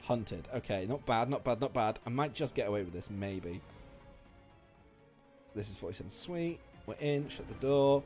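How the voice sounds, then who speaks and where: A man streaming a video game, commenting live with swearing, shouting and laughing. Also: mid-range voice, animated, moderate pace, soft background music.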